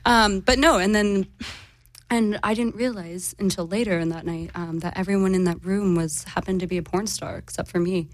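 A woman's voice: mid-range voice, fairly even intonation, normal speed, dry recording. A woman in casual podcast chat, telling a long story with many fillers and restarts.

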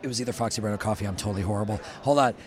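A man chatting casually, an animated storyteller who acts out what people said. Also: fairly low pitch, very fast. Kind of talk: casual chat. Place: Burbank autograph show venue.

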